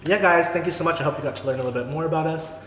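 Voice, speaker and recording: A chatty young adult man, a host and influencer, talks very fast in a fairly high voice during a relaxed, casual mukbang vlog, filling his speech with "like" and "you know." The recording sits in a roomy space with a long reverb tail and a faint background hiss.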